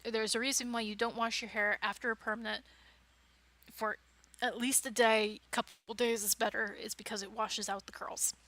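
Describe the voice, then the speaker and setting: A woman's voice: on the high side, little pitch movement, normal speed, bright, forceful tone, dry recording. A woman leading a writing club, giving an informal, chatty talk with frequent restarts and fillers. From United States. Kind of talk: casual informal teaching talk.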